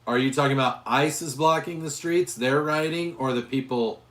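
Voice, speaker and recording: A hoarse man hosting a casual livestream about guns, rambling with restarts as he answers viewers' chat. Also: mid-range voice, normal speed, fairly bright tone, reverberant. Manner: rambling, with frequent restarts and fillers. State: hoarse, losing his voice. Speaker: gun channel host reading live chat.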